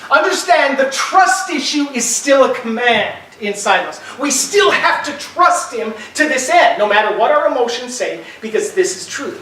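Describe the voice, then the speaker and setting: A male pastor delivers a sermon with emphatic urging, rising to loud pleas and dropping to quiet reassurance. His voice carries from a distance through a reverberant church, with a faint hiss underneath. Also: extremely high pitch. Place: church sanctuary. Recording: echoey church from far off.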